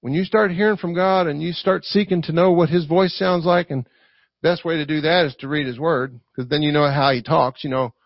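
A man with a Southern US accent preaching a lively sermon, acting out quotes and asking the congregation for responses. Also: on the high side, fairly quick, no room sound. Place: church. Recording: dry, dull lo-fi recording.

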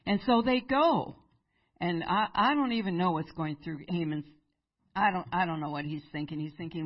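A woman preacher telling a Bible story in a sermon, animated and acting out the characters. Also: sits low, moderate pace, dull audio.

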